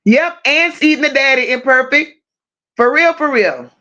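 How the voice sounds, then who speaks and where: A woman's voice: high voice, animated, moderate pace, bright, forceful tone, muffled recording. A woman hosting a livestream, reading viewers' comments aloud and firing back with profane, teasing banter. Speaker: livestream host. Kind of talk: casual live chat reading comments.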